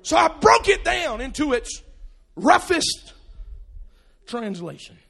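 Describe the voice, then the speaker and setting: A preacher with a strikingly high, lively voice that climbs and falls through each line. He is gravelly and often breaks into shouting. Faint music plays under his live sermon in church. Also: slow. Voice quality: gravelly, loud, swings from low asides to shouting.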